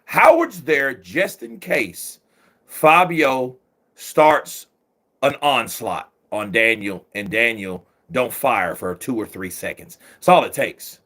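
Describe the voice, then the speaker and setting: A man giving profane, excitable live commentary while watching a boxing match, often shouting at the referee. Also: medium pitch, slow pace.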